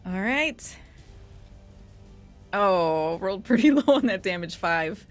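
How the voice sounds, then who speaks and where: A woman's voice: mid-range voice, expressive, slow pace, faint music behind. A woman playing a tabletop game, loosely narrating what her character does. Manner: storytelling, loose and casual with fillers. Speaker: player.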